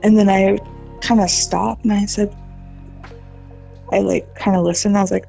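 A woman, a podcast guest, telling a ghost story in a casual, animated way, full of "like" fillers and mimicked voices. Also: mid-range voice, normal speed, vocal fry, pauses often, lo-fi sound, soft background music.

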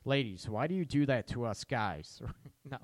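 A middle-aged male podcast host talks straight to his listeners in a loose, chatty monologue. His pitch jumps around a lot, and he keeps tagging his points with "right?" and little chuckles. The sound is dry, with no room echo. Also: normal speed. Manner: animated, rhetorical questions, frequent "right?" tag, chuckles.

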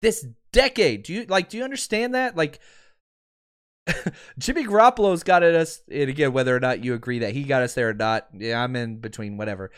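A man's voice: fairly quick, clear, resonant tone. A man hosting a sports podcast, ranting about his team with heated, sarcastic fan commentary. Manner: calms to a quieter, lower promo pitch.

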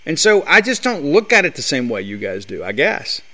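A man's voice: fairly high pitch, sing-song, moderate pace, sharp tone. A man hosting a sports talk show, delivering a blunt, fired-up monologue full of rhetorical questions.

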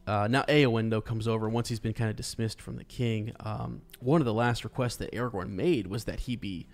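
A man's voice: lowish voice, fairly quick. A man co-hosting a casual book podcast, thinking aloud with many restarts and fillers. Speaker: podcast co-host. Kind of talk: casual book discussion with read-aloud passages.

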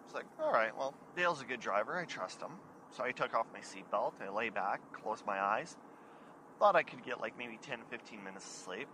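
Bright-voiced man telling a story. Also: mid-range voice, moderate pace, a little hiss or hum. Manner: animated, acts out friends' lines and sings snatches. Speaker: podcast host telling a story. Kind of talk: casual storytelling.

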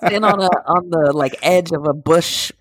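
A woman co-hosting a podcast in casual chat, telling rambling, animated stories with frequent laughs. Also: on the low side, normal speed, breathy edge. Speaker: podcast co-host.

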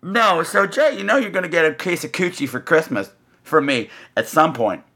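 Husky, animated male storyteller. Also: a little high, moderate pace. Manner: animated, swoops into voices and gasps. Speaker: podcast host. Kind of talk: comic storytelling.

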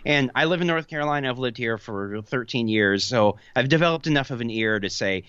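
A man's voice: mid-range voice, animated, fairly quick, a bit bright, clear, resonant tone, no echo, lo-fi sound. A man co-hosting a podcast, chatting casually and animatedly. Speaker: podcast co-host.

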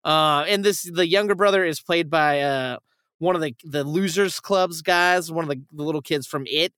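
Young man, podcast host, bright voice, casual profane rambling, dry close mic. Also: a little high, moderate pace, smooth, no echo. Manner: rambling, profane, animated retelling with acted quotes. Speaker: podcast host reviewing films. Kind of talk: casual chat.

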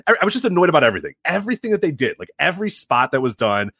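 Fast, lively man on a podcast. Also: a little high, creaky, husky, no room sound, clean studio sound. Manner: animated, rambling storytelling with many fillers. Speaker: podcast co-host. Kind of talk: casual podcast chat.

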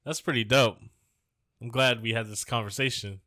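A man's voice: mid-range voice, steady tone, normal speed, sharp tone, no echo, clean studio sound. A man co-hosting a podcast, talking in a crude, rambling, jokey way. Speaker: podcast co-host. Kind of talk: casual comedic chat.

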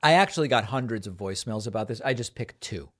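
A man hosting a political talk show, speaking in an animated, conversational monologue with frequent restarts. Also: lowish voice, quick pace. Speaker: host.

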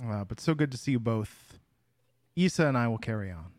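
A man's voice: medium pitch, animated, brisk, darkish tone, no echo, studio quality. A man co-hosting a podcast in casual chat, with a playful, theatrical announcer-style delivery. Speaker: podcast co-host.

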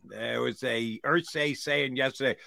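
A man co-hosting a sports podcast, energetic and fond of posing provocative questions. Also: medium pitch, measured pace, creaky, dry recording, clean studio sound. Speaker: podcast co-host. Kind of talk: casual sports podcast chat.

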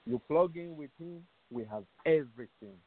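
A radio show host preaches with emphasis, repeating himself and asking rhetorical questions, heard through a dry, tinny call-in phone line. He has a fairly high pitch, lively intonation, and speaks at a normal speed.

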